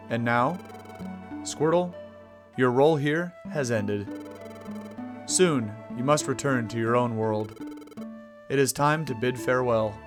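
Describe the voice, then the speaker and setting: A man reading the lines of a graceful psychic creature, slowly and gravely, in a formal tone. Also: mid-range voice, natural voice.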